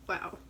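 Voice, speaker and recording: Gushing over a beauty unboxing, this woman in her thirties squeals with excitement and drops into whispered asides. Her voice sounds pushed and bright, with a little hiss or hum in the recording.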